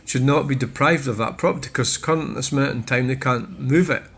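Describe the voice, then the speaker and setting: A man's voice: medium pitch, a little fast, a bit bright, husky. A Scottish man hosting a vlog, bluntly and swearily reacting to viewer comments. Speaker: channel host.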